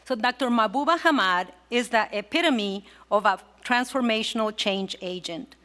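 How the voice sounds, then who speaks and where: Bright, upbeat woman reading a nomination. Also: on the high side, normal speed. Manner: upbeat, enthusiastic. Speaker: nominator, alumna.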